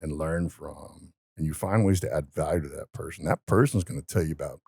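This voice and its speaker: Gravelly deep-voiced man telling stories. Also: fairly quick, a little mellow, no echo, clean studio sound. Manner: emphatic, motivational. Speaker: podcast guest. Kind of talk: storytelling in casual conversation.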